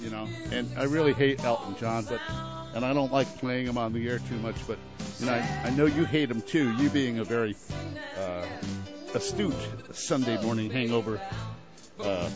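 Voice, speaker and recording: A man's voice: medium pitch, moderate pace. A young man from New Haven, Connecticut, hosting a radio show with rambling, jokey patter and bursts of singing along. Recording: dull lo-fi radio audio. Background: clear music.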